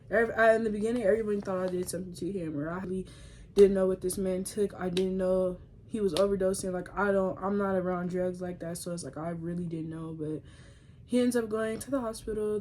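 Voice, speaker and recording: A young woman telling a personal story to her viewers in a casual vlog. She talks in slang, addresses the audience directly and often drops to a soft, tearful voice. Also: fairly low pitch, a little hiss or hum.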